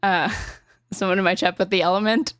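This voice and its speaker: A podcast host in casual political chat, talking fast and arguing, with lots of filler words and swearing. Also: female voice, mid-range voice, steady tone, a bit bright, no echo, clean studio sound. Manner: rapid, argumentative, heavy on filler words and swearing.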